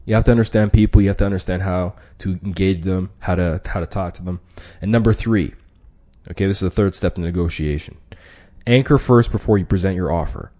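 Brief: male podcast host, lowish voice, casual slangy explainer. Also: a little fast, dark tone. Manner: conversational, many restarts, slangy. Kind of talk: casual instructional talk.

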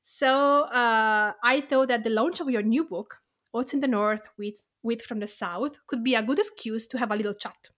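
Tuscan woman podcast host, italian accent, warm and gentle, slightly high voice. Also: normal speed. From Italy, Tuscany. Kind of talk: podcast interview.

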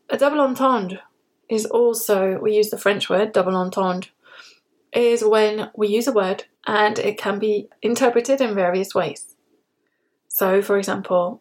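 A British woman hosting a podcast English lesson, speaking slowly and clearly and repeating example words. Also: mid-range voice, darkish tone. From Britain. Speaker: English teacher and podcast host.

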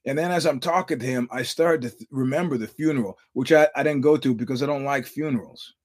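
A man's voice: mid-range voice, fast talker, husky. Middle-aged guy doing a podcast monologue, swears a lot, keeps restarting sentences, plain mid voice. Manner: rambling storyteller, profane, many restarts. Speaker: podcast host. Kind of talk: casual monologue.

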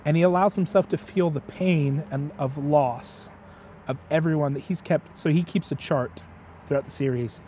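Appearing as a guest on his father's show, a man retells a story with passion in a casual storytelling chat, often stumbling over repeated words. His voice is fairly high with a dark tone and moderate pace, and there's a little hiss or hum.

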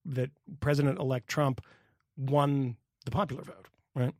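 A man's voice: mid-range voice, fairly even intonation, normal speed, no echo, studio quality. A man co-hosting a podcast in casual political chat, talking bluntly and with profanity. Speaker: podcast co-host.

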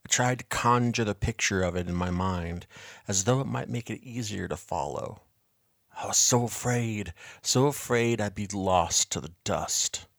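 A man reading a first-person story aloud in a measured, quiet, reflective way. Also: on the low side, vocal fry, no room sound, studio quality. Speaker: narrator.

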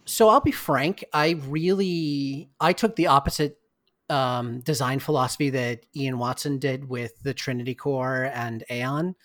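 A man's voice: medium pitch, steady tone, measured pace, a bit bright, no echo, clean studio sound. A man being interviewed as a guest on a podcast, speaking candidly and reflectively. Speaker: game designer guest. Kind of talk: casual interview talk.

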